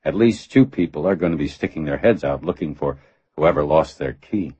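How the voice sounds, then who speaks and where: Guy reading a tough ex-army loner, deep, clipped and terse, husky, dry muffled sound. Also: a little fast, mellow, no echo. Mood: low-key. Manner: terse, clipped, low-key.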